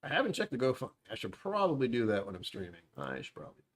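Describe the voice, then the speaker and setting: At home with a dishwasher running nearby, a man hosts a casual livestream, rambling sarcastically and tossing in self-deprecating asides. His mid-range voice swings wildly in pitch, and he talks fast.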